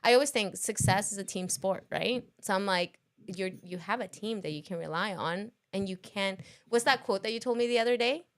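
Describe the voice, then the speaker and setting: A woman's voice: medium pitch, fairly quick, hardly any pauses. Chatty woman co-hosting a podcast. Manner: probing questions, frequent "like", laughs easily. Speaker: podcast co-host. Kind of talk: casual podcast conversation.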